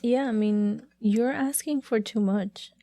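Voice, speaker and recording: A woman's voice: on the high side, slow pace, warm tone. Chatty woman podcast co-host. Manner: chatty, laughs often, says "like" a lot. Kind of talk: casual chat, reading stories aloud.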